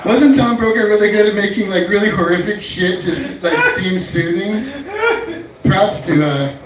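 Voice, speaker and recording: A man's voice: high-pitched, normal speed. Crude rambling male stand-up comic. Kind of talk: stand-up comedy set. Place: small comedy club stage. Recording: echoey room, far-off mic, faint noise.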